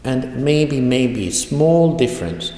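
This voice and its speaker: A man teaching an online language lesson, speaking slowly and deliberately and repeating example phrases. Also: medium pitch, expressive, mellow. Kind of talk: online video lecture. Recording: echoey room with long reverb.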